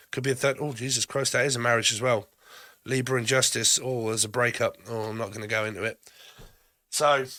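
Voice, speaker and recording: Rambling, swearing tarot reader. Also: male voice, mid-range voice, bright, forceful tone, no room sound. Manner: rambling, swears often, laughs between phrases. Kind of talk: rambling tarot card reading.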